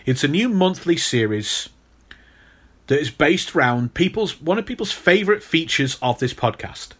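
A young British man co-hosting a podcast, talking in a playful, animated and mock-stern way. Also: a little high, moderate pace, breathy edge. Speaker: podcast co-host. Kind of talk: casual podcast chat.

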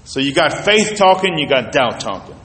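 A man's voice: medium pitch, very animated, moderate pace, a bit bright. A male pastor preaching a conversational sermon, telling stories and speaking straight to the congregation in a casual, colloquial way. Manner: colloquial, storytelling, addresses the congregation directly. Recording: echoey reverberant hall.

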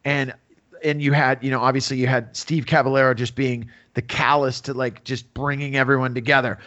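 A man's voice: mid-range voice, level tone, fairly quick, bright, forceful tone. Interview guest, man in his fifties, loose chatty storytelling full of fillers, dull recording. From San Francisco Bay Area. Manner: rambling, full of fillers, acts out quotes. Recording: dull lo-fi audio.

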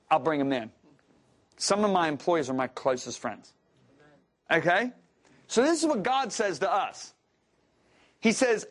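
A middle-aged man preaching a sermon, telling a personal story and asking rhetorical questions, moving from emphatic to soft and low.

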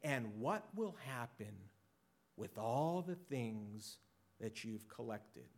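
A male pastor preaching a sermon, dramatic and shifting between loud and hushed. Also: medium pitch, big pitch swings, slow.

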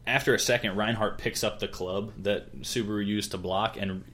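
A young man with a fairly low voice hosts a casual podcast, retelling a plot in a loose, rambling way. He fills gaps with fillers and drops into short quoted voices as he goes. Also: steady tone, normal speed, fairly bright tone. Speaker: podcast host.

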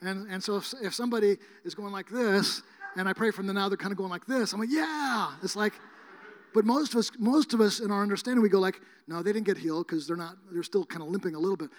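A man with a high voice preaches a sermon, telling his stories in a loose, rambling way full of fillers and restarts. He gets emphatic at times and pushes his voice close to a shout. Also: steady tone, fast. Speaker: guest preacher.

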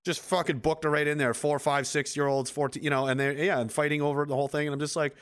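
His voice is a little high and he talks fast as the host of a laid-back podcast chat. Rambling and profane, he spins animated stories and performs the quotes in them.

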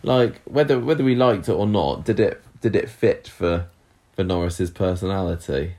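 A man co-hosting a casual podcast, chatting and reading out listener messages with quick asides. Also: low voice, dark tone. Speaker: podcast co-host.

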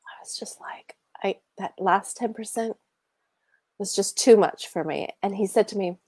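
A middle-aged Australian woman recounts a personal healing story with animated, emotional expression, now and then sinking into a near whisper. Her voice is mellow and soft-toned. The sound is close and dry, with no room around it. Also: medium pitch, moderate pace, dry recording. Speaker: guest sharing a healing story.

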